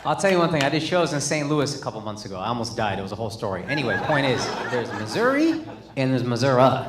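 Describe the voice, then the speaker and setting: A man's voice: mid-range voice, very fast, far from the mic, noisy background. A male comedian doing crowd work on stage, with brash, profane, teasing banter aimed at the audience. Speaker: stand-up comedian. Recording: roomy club with loud audience laughter. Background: audience laughing.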